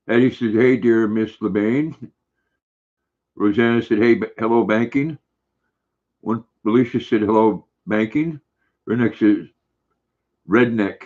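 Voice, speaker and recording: Older man, low voice, lo-fi stream. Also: unhurried, long pauses. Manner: relaxed, friendly, chatty. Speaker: livestream host. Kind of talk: casual livestream chat, reading comments aloud. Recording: dull lo-fi stream audio.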